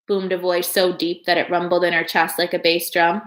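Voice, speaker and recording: A woman's voice: on the low side, moderate pace, few pauses. Woman reading a storybook in an echoey room. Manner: calm, steady storytelling. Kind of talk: reading a children's novel aloud.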